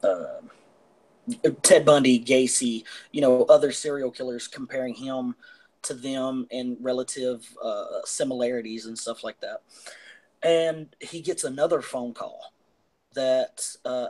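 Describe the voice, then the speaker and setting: A man's voice: mid-range voice, measured pace, darkish tone, low-quality recording. Rambling man recapping a movie. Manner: rambling with many fillers. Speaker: podcast co-host. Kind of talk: casual film discussion.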